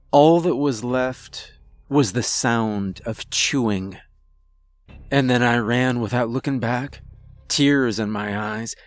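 A man reads a first-person horror story in a measured, somber manner. He takes his time over each line at a middle pitch. The sound is close and completely dry. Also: no echo. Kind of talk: scripted horror narration.

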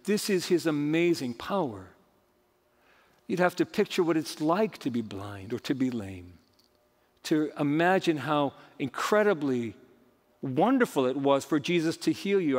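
Male pastor, fairly high voice, emphatic sermon delivery, echoey church sound. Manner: emphatic preaching, rising and falling dramatically. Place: church sanctuary.

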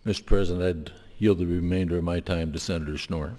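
Deep voiced guy senator talking slow and steady, echoey chamber. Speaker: state senator. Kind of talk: legislative floor speech. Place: legislative chamber. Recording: long hall reverb.

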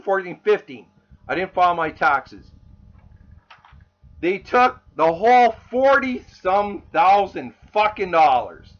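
A man's voice: on the high side, a bit bright. A man delivers an angry, profane rant to camera, swearing constantly in a raw, furious voice. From Canada. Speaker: vlogger. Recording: dull lo-fi recording.

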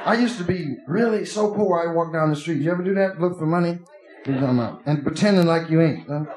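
A man's voice: a little high, fairly quick, noisy background. A man doing live stand-up in a club, telling profane, streetwise stories. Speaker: stand-up comedian. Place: nightclub stage. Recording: echoey club with crowd laughter.

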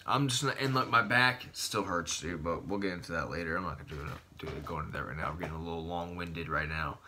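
Profane rambling man, bright forceful voice. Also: low voice, quick pace, a little hiss or hum. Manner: profane, rambling, says "dude" constantly. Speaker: fitness vlogger. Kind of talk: casual vlog talk.

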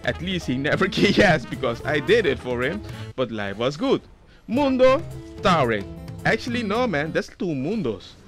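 A man giving excitable, jokey commentary over gameplay footage. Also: on the high side, normal speed, faint music behind. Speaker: video creator.

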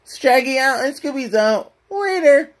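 A man voicing a jittery, scared male cartoon slacker with a high, nasal drawl. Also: lively intonation, measured pace. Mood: whiny.

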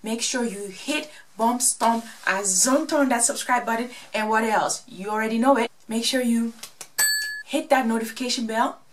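A woman recapping a reality show in a casual, gossipy, animated way. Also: medium pitch, recorded from a distance, a little hiss or hum. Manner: gossipy, animated, acts out quotes.

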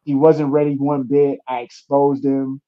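A man's voice: mid-range voice, unhurried, phone-quality sound. A young adult man, a fighter, chatting casually in an interview and telling stories with acted-out quotes and plenty of swearing. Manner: animated storytelling, acts out quotes, swears freely. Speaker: UFC fighter.

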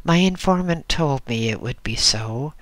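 A man voicing an ancient, blind male hermit, gentle and humble, with a dry, scarcely used voice and a measured, solemn, kindly way of speaking. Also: medium pitch, expressive, dry recording.

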